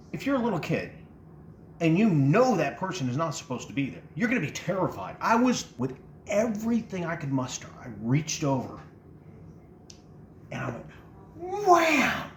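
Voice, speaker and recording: Animated man telling funny stories. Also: a little high, a little hiss or hum. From Texas. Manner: animated, laughing, acting out moments. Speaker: storyteller. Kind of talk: comic personal storytelling. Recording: roomy sound with faint music.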